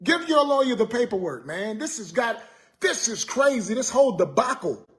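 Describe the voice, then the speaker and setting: A man's voice: extremely high pitch, big pitch swings, normal speed. A man ranting to his viewers on a live stream, exasperated and joking, repeating himself and tacking on "man". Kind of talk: casual live stream rant.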